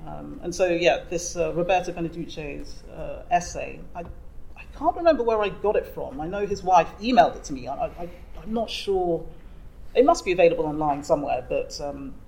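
Gravelly man with a halting delivery. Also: a little high, expressive, a little hiss or hum, rough recording. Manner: halting, trails off softly. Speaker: panel speaker and writer. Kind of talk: festival panel talk.

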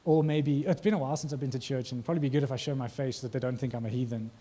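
A man's voice: mid-range voice, fairly even intonation, very fast, mellow, a little hiss or hum. A male preacher giving a conversational sermon, often asking the congregation questions.

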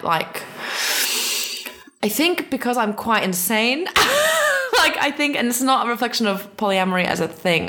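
A woman's voice: on the low side, fairly bright tone. A young woman from England chatting candidly as a podcast co-host, laughing often and talking with lots of fillers and restarts. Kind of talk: candid casual chat.

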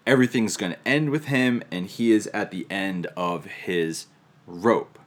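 A man's voice: low-pitched, measured pace. A man preaching a sermon, teaching reflectively with touches of humor. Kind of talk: sermon on scripture.

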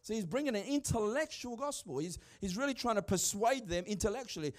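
A man's voice: high-pitched, lively intonation, fairly quick. A middle-aged man, preaching a sermon in an emphatic, conversational way. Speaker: pastor.

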